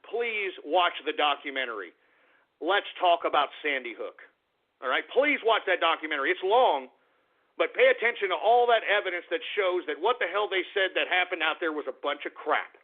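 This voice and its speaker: A man hosts a political talk radio show, shouting and fuming, with a strikingly high-pitched voice. He gets so heated that he trips over his words. The sound is thin and lo-fi, like an old radio broadcast. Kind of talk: angry political radio rant.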